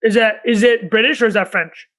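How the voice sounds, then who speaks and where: A man's voice: high-pitched, steady tone, fairly quick, fairly bright tone. A man co-hosting a podcast from home over a call, upbeat and eager, firing off questions. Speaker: podcast co-host. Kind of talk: casual chat.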